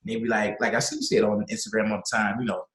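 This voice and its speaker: A fast-talking, animated man speaking as a guest in a casual conversation. He sounds motivational and emphatic, often repeating himself for stress. His voice rings out in a roomy, echoey space. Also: lowish voice. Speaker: podcast guest. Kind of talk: casual video-call conversation.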